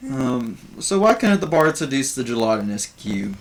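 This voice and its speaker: A man's voice: fairly high pitch, huge pitch swings, creaky, voice pushed up, heavily acted. A man voicing a lanky male bugbear stand-up comedian who tells corny puns and waits for laughs. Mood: jokey. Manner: chummy, hammy joke delivery with pauses for laughs.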